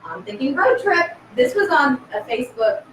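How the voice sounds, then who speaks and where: A woman's voice: sits high, sing-song, moderate pace, fairly bright tone, slight background noise. A woman co-owning a haunted house, chatting casually on a live stream, laughing easily. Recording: echoey room, far from mic.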